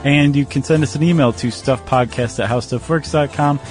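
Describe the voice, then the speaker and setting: A man's voice: medium pitch, moderate pace, faint music behind. A man co-hosting a podcast in casual chat, wry and joking. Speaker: podcast co-host.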